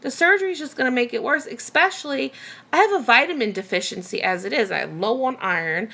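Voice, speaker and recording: A woman's voice: a little high, expressive, fast talker, gravelly, pushed and bright. A woman vlogger in a candid personal rant to camera, venting emotionally with many fillers and restarts.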